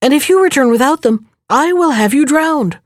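A woman's voice: sits high, animated, moderate pace, no echo, clean studio sound, voice pushed up. A woman reading aloud, voicing a stern, desperate king who issues threats. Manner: threatening, commanding.

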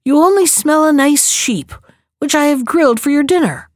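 Sharp-tongued giantess wife, voiced by a woman, scornful, storybook. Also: high-pitched, expressive, normal speed, no echo, clean studio sound, voice pushed up.

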